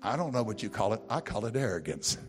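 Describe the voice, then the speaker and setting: An American middle-aged man preaching a sermon, telling folksy stories and rising into loud, emphatic preaching. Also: fairly low pitch, sing-song, quick pace. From United States. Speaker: pastor. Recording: music playing behind.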